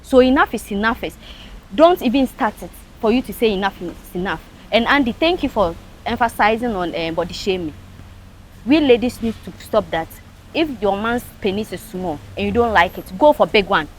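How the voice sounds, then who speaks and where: A woman's voice: mid-range voice, animated, normal speed, slight background noise. A woman with a Ghanaian English accent speaking frankly and emphatically as a panelist on a casual talk show. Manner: frank, emphatic, mixes in local phrases.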